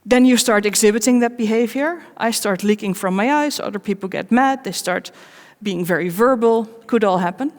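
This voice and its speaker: Woman speaking in a reverberant hall. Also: mid-range voice. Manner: candid and personal, with wry self-mocking asides; measured, pausing between short phrases. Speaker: conference speaker. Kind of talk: live conference talk. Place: large conference hall. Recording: long reverb of a big hall.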